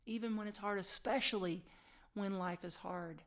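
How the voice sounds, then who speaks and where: A woman's voice: mid-range voice, moderate pace. Woman pastor giving a chatty sermon. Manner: conversational and self-deprecating, drops to a soft whisper for emphasis.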